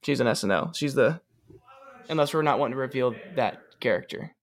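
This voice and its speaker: A man co-hosting a casual podcast movie discussion, talking haltingly with many ums and restarts. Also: mid-range voice. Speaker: podcast co-host.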